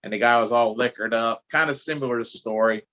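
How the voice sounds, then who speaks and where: A man's voice: mid-range voice, brisk, lo-fi sound. Chatty New man telling stories. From New Jersey. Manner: animated, chatty, stumbling restarts. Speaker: podcast guest, anti-drug speaker. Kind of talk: casual storytelling.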